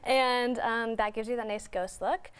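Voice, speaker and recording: A woman's voice: fairly high pitch, fairly even intonation, measured pace, crowd noise. A young woman demonstrating baking as a guest, cheerful and instructive, laughing often. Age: young adult. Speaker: guest baker. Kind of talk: cooking demonstration.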